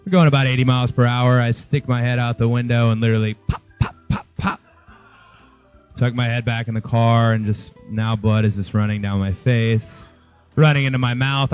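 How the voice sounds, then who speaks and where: Lively man telling a funny story. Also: mid-range voice, brisk, faint music behind. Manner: lively storyteller who acts out the other people's lines. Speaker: wrestler telling a story in an interview. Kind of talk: casual anecdote.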